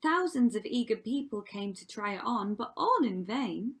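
A woman's voice: on the high side, sing-song, moderate pace, breathy edge. A woman teacher reading a rhyming story aloud to children with dramatic delivery, often dropping to a whisper. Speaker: primary school teacher.

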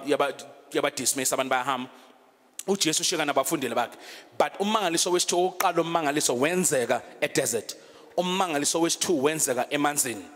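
A man's voice: fairly high pitch, a bit bright, long reverb tail. A man preaching a sermon, switching between English and Zulu and reading scripture aloud. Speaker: pastor. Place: church.

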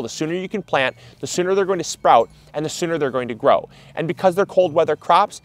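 An upbeat man hosts a casual gardening video outdoors. His voice sits a little higher than most men's, and it sounds dry, with no room echo. He talks in a chatty, enthusiastic way and often stops on fillers. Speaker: gardening channel host. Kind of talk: casual instructional vlog.

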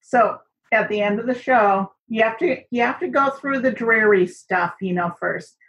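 A woman's voice: a little high, normal speed, fairly bright tone. A woman teaching an online cooking and seaweed class in a chatty way, with many fillers. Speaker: instructor. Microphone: recorded on camera for an online class. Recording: dull lo-fi recording.

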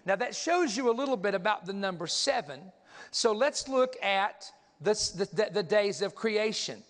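A man's voice: sits high, animated, normal speed. A man preaching a sermon, teaching energetically, counting aloud and pointing things out as he goes. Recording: long hall reverb.

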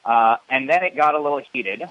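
A man calling in an indignant, halting way with lots of fillers and restarts, over muffled phone audio. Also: medium pitch, no echo. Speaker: caller. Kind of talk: phone complaint.

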